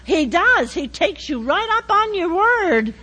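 Animated woman telling a testimony. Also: very high voice, takes it slowly. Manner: animated, acts out voices. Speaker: church testimony speaker. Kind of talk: storytelling testimony.

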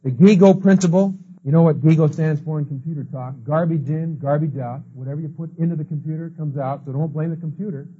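Husky, mellow-toned man teaching a class in a lively storytelling way, dull lo-fi tape. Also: on the high side, fast, few pauses. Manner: storytelling, acts out quoted people. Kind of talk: lecture with anecdotes. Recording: dull lo-fi recording.

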